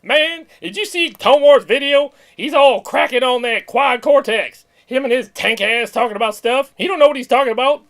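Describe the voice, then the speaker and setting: A man voicing a rowdy country guy on the phone, talking rough slang. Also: extremely high pitch, normal speed, few pauses, a bit bright, voice pushed up. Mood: riled up.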